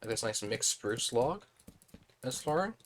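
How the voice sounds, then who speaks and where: A man's voice: mid-range voice, unhurried, slight background noise. Man musing while he builds. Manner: relaxed, thinking aloud with fillers. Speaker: streamer. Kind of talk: casual live-stream building commentary.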